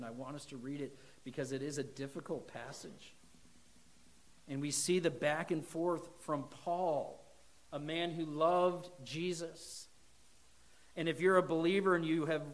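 High-voiced male pastor preaching. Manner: dramatic swings from loud declaring to hushed near-whisper. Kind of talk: sermon.

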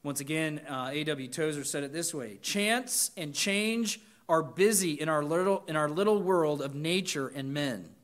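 A man's voice: fairly high pitch, normal speed, hardly any pauses. A man preaching a sermon to students, reading scripture with emphatic lists and chatty asides. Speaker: pastor.

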